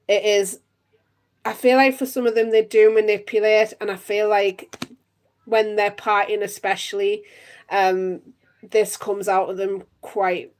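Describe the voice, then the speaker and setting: A woman in her thirties from Northeast England with a Northeast English accent, reading tarot on a live stream and chatting to viewers with lots of giggles. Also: medium pitch. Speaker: tarot reader.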